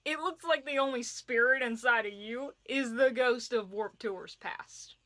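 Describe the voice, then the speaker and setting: A woman's voice: a little high, a little slow, a bit bright. A woman voicing a perky, pushy female fairy of romance books who speaks in sing-song rhymes. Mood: bossy, playful. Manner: sing-song rhyming pep talk.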